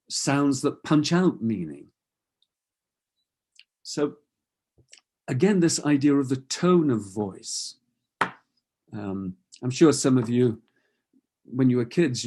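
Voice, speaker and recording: A middle-aged man speaks as a voice coach in an online talk. His voice is mellow and warm, at a middle pitch, and he explains things patiently, stopping to act out sample phrases and restarting sentences as he goes. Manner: explanatory, with demonstrated example phrases and frequent restarts. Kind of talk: webinar talk.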